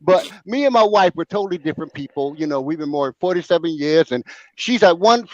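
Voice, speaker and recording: A man's voice: a little high, fairly quick, dry recording. An older man hosting a talk show, telling a funny story with lots of laughter and acted-out voices. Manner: animated, bursts into laughter, acts out voices. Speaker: show host. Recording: dry, dull lo-fi sound.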